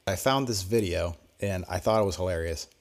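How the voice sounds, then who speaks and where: A man's voice: low voice, fairly quick. A man co-hosting a podcast in casual, joking chat, laughing and rambling as he explains. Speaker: podcast co-host.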